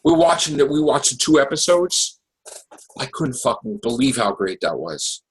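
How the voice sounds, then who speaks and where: A man hosting a casual podcast, talking about TV in an excitable and profane way. His voice sits in a middle pitch and he tells his stories with animated energy. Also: moderate pace, low-quality recording. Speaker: podcast host. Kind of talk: casual chat.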